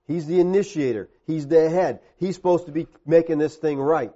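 A man preaching a sermon, his voice sitting a little high but sounding mellow and warm. He calls out directly to the men listening and swings between hushed, low stretches and emphatic peaks. The recording is dull and lo-fi. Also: moderate pace. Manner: direct, addresses the men in the congregation. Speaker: pastor.

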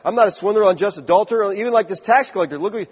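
A man's voice: sits high, rapid-fire, slightly rough. A preacher putting on the voice of a boastful, self-righteous man bragging in prayer, on a dull recording with long hall reverb. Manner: smug, bragging.

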